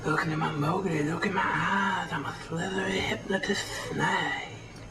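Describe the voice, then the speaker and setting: A man voicing a sly, hissing male snake hypnotist in a sing-song, whispery, drawn-out way. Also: high-pitched, fairly even intonation, close to an everyday voice. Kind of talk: improvised comic voice.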